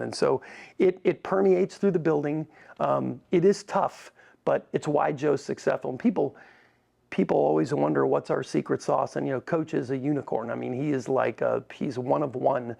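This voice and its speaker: A man being interviewed as a racing team's president, telling animated stories with many quick restarts. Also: fairly high pitch, gravelly. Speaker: racing team president, podcast guest. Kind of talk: conversational interview.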